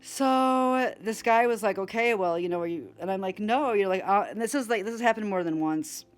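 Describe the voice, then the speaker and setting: A woman's voice: medium pitch, brisk, faint music behind. A woman, a former club dancer, casually telling stories in a rambling way, full of fillers and swearing, acting out what others said. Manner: rambling, filler-heavy, swears a lot, acts out others' lines. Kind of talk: casual storytelling.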